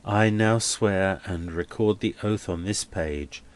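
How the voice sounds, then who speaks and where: A man's voice: sits low, takes it slowly. A man reading as a grim vengeful choirmaster. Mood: grim vow. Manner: solemn, grim. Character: grieving, vengeful male choirmaster.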